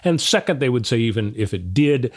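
Brief: male podcast co-host, lawyer, walks through legal options in a casual, halting way. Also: mid-range voice, animated. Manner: explanatory, laying out options with frequent "uh" fillers.

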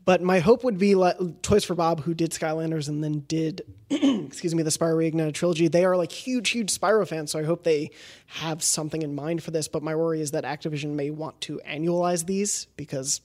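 A man hosting a podcast in casual chat, moving through news items with a steady delivery and fillers. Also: on the high side, fairly quick. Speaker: podcast host.

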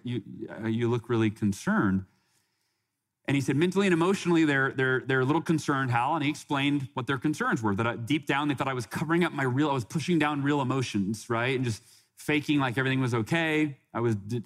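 A man's voice: mid-range voice, brisk. A man in his forties, a podcast guest, telling a personal story in an earnest way, often restarting and quoting others. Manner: earnest, with frequent restarts and quoted dialogue.

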